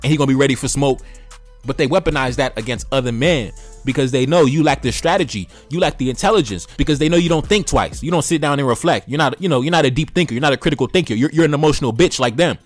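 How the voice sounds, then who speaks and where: A man's voice: a little high, fast, few pauses, faint music behind. A man hosting a commentary channel, lecturing his audience in an emphatic, repetitive, preachy way. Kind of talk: preachy direct-to-camera commentary.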